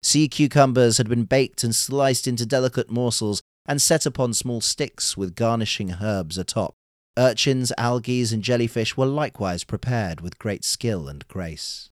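A man narrating a folktale in a measured, unhurried storytelling manner. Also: lowish voice, no room sound, studio quality.

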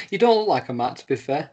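A man co-hosting a podcast in casual chat over a Skype call. He talks in an easygoing, halting way and laughs along. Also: fairly high pitch, a little mellow, slightly rough. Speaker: podcast co-host.

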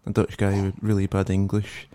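A man's voice: low voice, completely flat delivery, moderate pace, mellow, no room sound. A man chatting casually on a podcast, amused and laughing through his stories. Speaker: podcast co-host. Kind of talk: casual banter.

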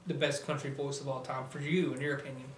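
Speaking fast with a mid-range voice and little pitch movement, this man co-hosts a casual talk show. His chat rambles along, packed with filler words and offhand cursing. The sound is echoey, the mic is far away, and there is a bit of noise.

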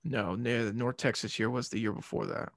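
A man's voice: mid-range voice, steady tone, brisk, no room sound, studio quality. A man hosting a casual sports podcast, rambling and joking, ranting and swearing as he goes. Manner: rambling and jokey, swears and rants. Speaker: podcast host.

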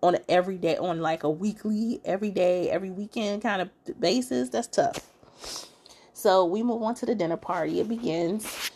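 A woman hosting a podcast, giving a casual, chatty recap full of fillers and expressive asides. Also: medium pitch, normal speed, a little hiss or hum. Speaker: podcast host.

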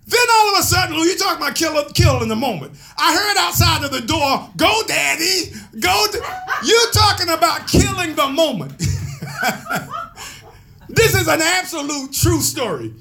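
A man pastor telling a story in a sermon, animated and laughing as he calls out to his members. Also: very high-pitched, moderate pace, music in the background.

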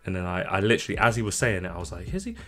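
A young man from London, co-hosting a casual podcast and telling stories in an animated way, swearing freely and acting out what people said. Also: sits low, racing, soft background music. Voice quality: swears freely, animated storytelling with acted-out quotes. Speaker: podcast co-host. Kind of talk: casual chat.

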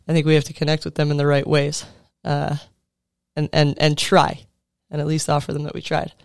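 Earnest thirty-something male coach, even tone. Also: fairly high pitch, brisk, gravelly, smooth, dry recording, clean studio sound. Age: 30s. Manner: earnest and conversational, with casual fillers and restarts. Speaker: sports coach speaking to fellow coaches. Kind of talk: motivational talk.

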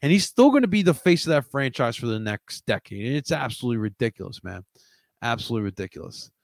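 Young man, from Philadelphia, livestream host, casual sports chat, lively pitch, dry room. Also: quick pace, vocal fry, no echo. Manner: animated, rambling, swings between loud outbursts and mutters.

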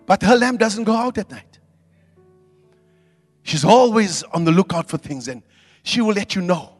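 Preacher, high-pitched man. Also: expressive, moderate pace, in a large hall, soft background music. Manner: swings from quiet asides to loud preaching. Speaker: pastor. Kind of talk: sermon.

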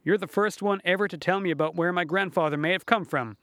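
Domineering rich man, boastful and impatient, read by a male narrator; slightly high voice. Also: fast talker, a bit bright, no echo, clean studio sound. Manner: boastful, sneering.

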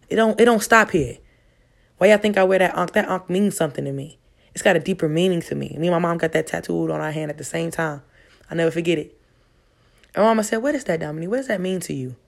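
A woman's voice: on the low side, vocal fry. Woman preaching self-love, emphatic and profane. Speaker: vlogger. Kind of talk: casual motivational monologue.

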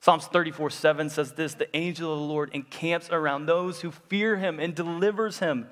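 A man's voice: on the high side, fairly even intonation, normal speed, a bit bright. A young man giving a conversational sermon that weaves in a personal story, with lots of fillers and restarts. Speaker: preacher. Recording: long hall reverb.

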